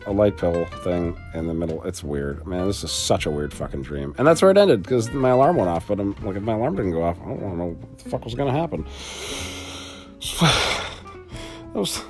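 A young man casually telling a vlog story in a rambling, profane, animated way. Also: fairly low pitch, fast talker, soft background music. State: sleepy, just woke up. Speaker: vlogger.

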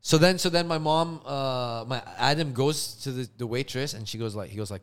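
A young man co-hosting a casual podcast chat, telling family stories with lively energy and acting out everyone's voices. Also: medium pitch, moderate pace. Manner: animated storyteller, acts out family members' voices. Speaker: podcast co-host.

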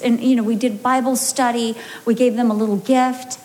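An American woman pastor preaching a sermon, telling a personal story with lively acted-out quotes. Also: a little high, normal speed. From United States.

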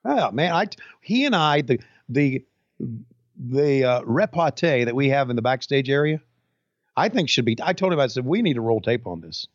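A man's voice: medium pitch, very animated, moderate pace, no echo. An older man co-hosting a podcast, with laid-back, chuckling reactions. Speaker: podcast co-host. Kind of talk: casual podcast chat. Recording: dull lo-fi sound.

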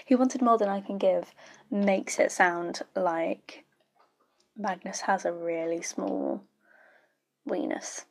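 A woman's voice: mid-range voice, steady tone, very slow, long pauses. A young woman giving casual, blunt, sweary reaction commentary while watching a show. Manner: blunt, sweary, chatty asides. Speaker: YouTube reaction host.

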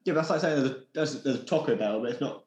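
Guy, teasing podcast banter, mid-pitched, roomy sound. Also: very fast, a little mellow, slight background noise. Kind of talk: casual chat among friends.

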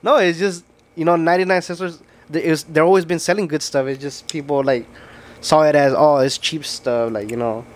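A man's voice: fairly high pitch, steady tone, fairly quick. A young man co-hosting a podcast, joking and swearing in casual chat and asking questions. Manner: joking, profane, asks questions. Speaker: podcast co-host.

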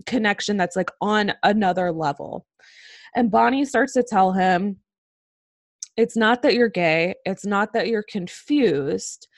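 A woman co-hosting a casual podcast, telling a story with many pauses, ums and restarts. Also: medium pitch, no room sound, studio quality. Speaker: podcast co-host telling a true-crime story.

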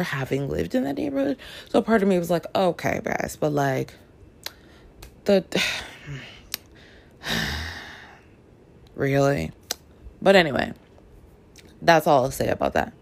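A woman's voice: low-pitched, quick pace, gravelly. A woman vlogging about books in a casual, rambling chat, full of fillers and playful asides. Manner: animated, playful enthusiasm. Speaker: book vlogger.

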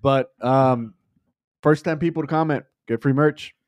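A young man hosting a casual podcast, telling stories in an animated way and laughing often. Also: medium pitch, unhurried, clear, resonant tone, no room sound, clean studio sound. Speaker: podcast host. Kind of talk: casual chat.

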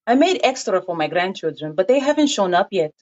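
A woman voicing a motherly older Mexican neighbor who is always offering food, speaking slowly and coaxingly. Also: mid-range voice, big pitch swings, a little mellow. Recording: dull lo-fi recording.

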